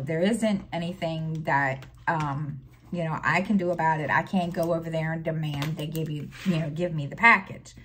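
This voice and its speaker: A woman's voice: low voice, fairly bright tone, a little hiss or hum. A middle-aged woman vlogging in casual chat, rambling with many fillers and restarts, telling an exasperated story with sighs.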